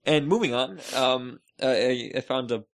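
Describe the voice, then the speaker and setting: A man co-hosting a podcast, telling rambling stories with jokey, deadpan asides in casual chat. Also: medium pitch, normal speed. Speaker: podcast co-host.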